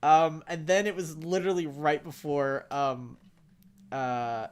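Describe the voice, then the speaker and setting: A young man co-hosting a casual fan discussion, talking in an excitable, rambling way full of fillers and sudden bursts of enthusiasm. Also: a little high, slow, clear, resonant tone. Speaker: podcast co-host.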